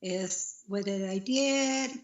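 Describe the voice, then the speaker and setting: A woman answering interview questions in a soft-spoken, earnest way, heard over video call audio. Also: mid-range voice, slow pace, dull audio.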